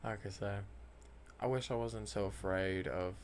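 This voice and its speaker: A man's voice: fairly low pitch, fairly even intonation, a little slow, slight background noise. A young man who rambles and swears a lot, talking casually over gameplay footage and trailing off often. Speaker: gaming vlogger.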